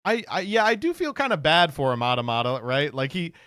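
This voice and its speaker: A man's voice: on the high side, sing-song, fairly quick, sharp tone, dry recording, studio quality. A man streaming and reacting to posts in casual commentary, sardonic and swearing freely.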